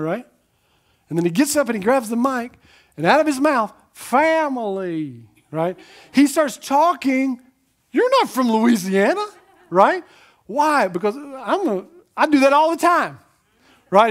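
A man preaching a sermon as pastor, emphatic, asking rhetorical questions, repeating key lines and tossing conversational asides to the congregation. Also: very high-pitched.

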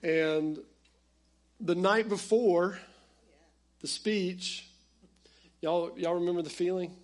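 A pastor preaching a conversational, animated sermon that speaks straight to his congregation. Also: high voice, slow pace.

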